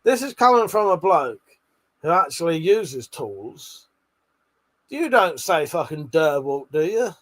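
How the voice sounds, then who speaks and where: A man's voice: high-pitched, fairly bright tone. A man hosting a late-night livestream, chatting with viewers while he swears a lot, laughs often and bickers. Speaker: livestream host.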